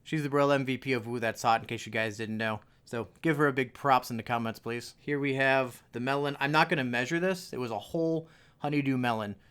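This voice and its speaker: A man's voice: mid-range voice, brisk, fairly bright tone, clear, resonant tone. A young adult man hosting a casual home cooking video, walking viewers through a recipe with jokey asides in a home kitchen.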